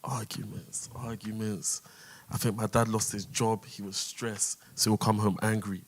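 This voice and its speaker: A man with a London accent on a church panel, quietly reflecting on childhood memories. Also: fairly low pitch, level tone, measured pace. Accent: London English. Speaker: panel guest. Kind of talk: casual personal testimony.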